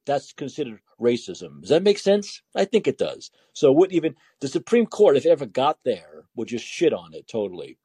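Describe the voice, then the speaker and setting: A man hosts a late-night call-in show, mocking the news he reads aloud and laughing through it. His pitch swings widely and his voice has a husky edge. The sound is close and dry. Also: mellow, no room sound. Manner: sarcastic, laughing while reading news aloud. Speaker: talk show host.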